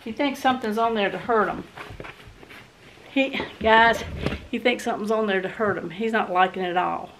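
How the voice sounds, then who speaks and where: A woman's voice: mid-range voice, normal speed, noisy background. A woman chatting casually on her home vlog in a folksy, rambling way. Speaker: vlogger. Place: rural home and yard.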